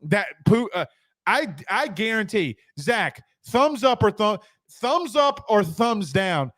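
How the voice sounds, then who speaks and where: High-voiced joking sports talk host. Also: male voice, very animated, slow, a bit bright, no room sound, studio quality. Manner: joking, rambling, repeats himself for emphasis. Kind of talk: casual sports talk, reading viewer comments.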